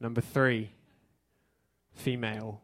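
A man with an English accent doing a stand-up set on a theater stage, with a dry, deadpan delivery. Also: mid-range voice, slow. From England. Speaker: stand-up comedian.

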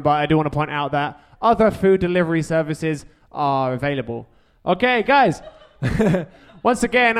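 A man's voice: fairly high pitch, clean tone. A man hosting a live podcast show, rambling with awkward humor and filler words. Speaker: podcast host.

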